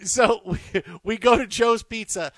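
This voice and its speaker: A man co-hosting a casual sports talk show, ranting in an animated way and repeating himself. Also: extremely high pitch, measured pace, crowd noise. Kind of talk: casual sports radio banter.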